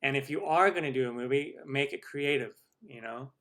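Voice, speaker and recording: A man's voice: medium pitch, brisk, a bit bright. A middle-aged man hosting a cooking live stream, chatting casually and rambling with many restarts as he answers viewer questions.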